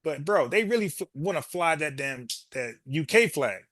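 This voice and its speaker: A man's voice: fairly high pitch, lively intonation, normal speed, a bit bright, dry recording, clean studio sound. A man hosting a reaction video, talking bluntly back at a news clip in casual commentary.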